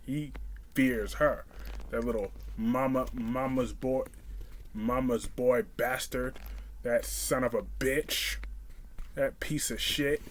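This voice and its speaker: A man's voice: mid-range voice, takes it slowly. A man reviewing a soap opera episode on his vlog, ranting in a heated, profane way and talking straight at a character. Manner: animated, talks straight at the character. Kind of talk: casual vlog commentary.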